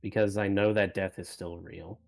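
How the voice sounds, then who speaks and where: A man playing a tabletop role-playing game, quiet and laid-back. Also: deep voice, little pitch movement, moderate pace, vocal fry, soft background music. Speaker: player. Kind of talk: casual tabletop role-play.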